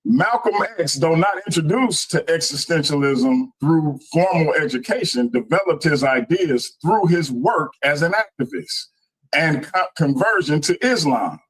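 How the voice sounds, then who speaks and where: Brief: debater, man, relaxed and confident, calls the audience y'all, a bit high. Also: a little slow, husky, poor audio. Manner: casual, addresses the audience as y'all.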